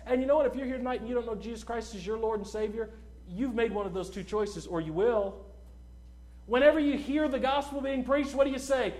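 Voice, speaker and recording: A male preacher delivering an evangelistic sermon at a church service. His voice sits very high and he preaches with emphatic fervor. He reads scripture and then drives each point home. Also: fast talker. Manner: emphatic, fervent, rising to shouts.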